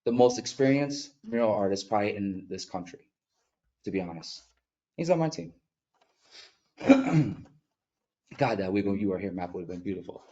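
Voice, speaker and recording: Low, mellow man, heartfelt and halting at times, muffled lo-fi meeting audio. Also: animated. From upstate New York. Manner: earnest, heartfelt, halting with emotion. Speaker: mural artist addressing a village board. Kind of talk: emotional public comment. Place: public meeting room.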